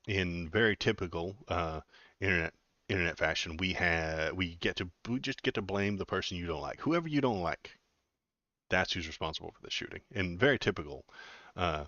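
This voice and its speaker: Deep-voiced sarcastic man streaming. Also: pushed and bright, no room sound, muffled recording. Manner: sarcastic, rambling, frequent filler words. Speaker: political commentary streamer. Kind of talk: casual livestream commentary.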